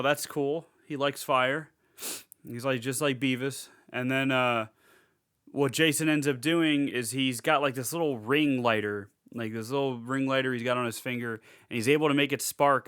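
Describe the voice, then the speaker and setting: A man's voice: mid-range voice, a bit bright, clear, resonant tone. A young man recapping a movie in casual podcast chat, rambling with lots of fillers and swearing freely. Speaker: podcast co-host.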